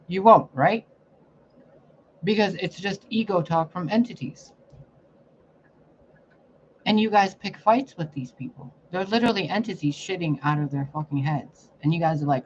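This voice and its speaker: A man's voice: fairly high pitch, moderate pace. Profane ranting man, muffled lo-fi audio. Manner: profane, confrontational, preachy. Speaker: psychic reader. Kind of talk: ranting spiritual monologue. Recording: muffled lo-fi recording, faint noise.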